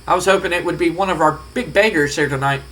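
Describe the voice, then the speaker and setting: Bright, high-voiced man recapping a game. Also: fast, a little hiss or hum, rough recording. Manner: rambling, profane, conversational. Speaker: let's play host. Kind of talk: casual game commentary.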